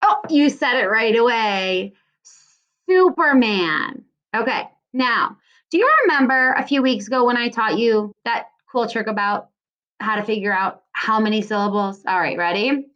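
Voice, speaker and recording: A woman's voice: on the high side, normal speed, a bit bright, highs cut off. A woman teacher giving a recorded lesson to young children, stretching out syllables in a sing-song way. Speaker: second grade teacher.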